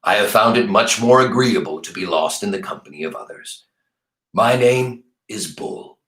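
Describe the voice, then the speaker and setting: Brief: a male teacher playing a courtly gentle-giant tramp for a storybook read-aloud, low and unhurried, roomy sound. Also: lively intonation. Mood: warm courtly. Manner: slow, low, soft-spoken and formal. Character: huge gentle drifter man, courtly and kind.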